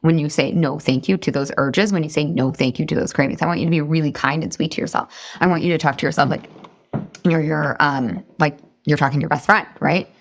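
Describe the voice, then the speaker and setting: Energetic woman coaching a live class. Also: a little fast. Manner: energetic, chatty, encouraging, breaks into high excited outbursts. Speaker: weight loss coach.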